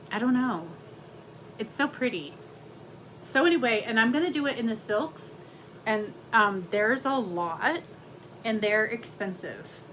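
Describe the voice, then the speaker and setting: A middle-aged woman chats on and on in her home craft room, filling pauses with "um" and "like" as she wanders from one thought to the next. Her voice sits at an ordinary pitch, and a steady household hum runs clearly behind it. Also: poor audio. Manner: chatty and rambling, many fillers. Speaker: cross-stitch vlogger. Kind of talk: casual chat.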